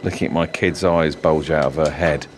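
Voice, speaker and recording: A man's voice: rumbling low, steady tone, moderate pace, slight background noise. A man co-hosting a podcast, reading listener stories aloud with dry, sweary delivery. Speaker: podcast co-host.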